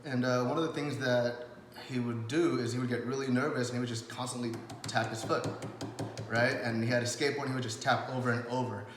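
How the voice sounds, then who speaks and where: Speaking briskly in a mid-range voice with fairly even intonation, a man gives a casual spoken lesson to camera on rapport skills. His loose, chatty delivery is full of fillers, restarts and acted-out quotes. The room is echoey with long reverb, and the background is noisy.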